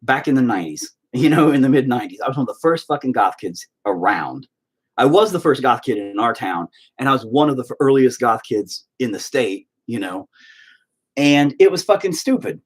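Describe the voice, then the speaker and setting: Man in his 40s, husky voice, lively swooping pitch, cussing, heated casual rant. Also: brisk. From Oklahoma. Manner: profane, heated, animated storytelling.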